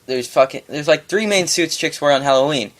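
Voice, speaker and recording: A man's voice: fairly high pitch, brisk. A young man co-hosting a casual homemade podcast, chiming in with loose, profane remarks. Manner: laid-back, profane, chiming in. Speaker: podcast co-host. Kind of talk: casual chat.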